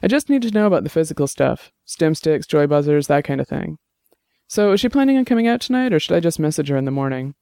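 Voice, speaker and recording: Wry tired detective guy reading, casual, smooth voice. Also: on the high side, sing-song, quick pace, dark tone, no room sound, studio quality.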